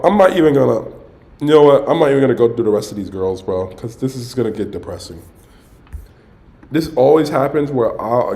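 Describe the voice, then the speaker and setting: A young adult male streamer, medium-pitched with a dark tone, wanders through a story about a date. He breaks off mid-thought again and again, and "bro" peppers nearly every line.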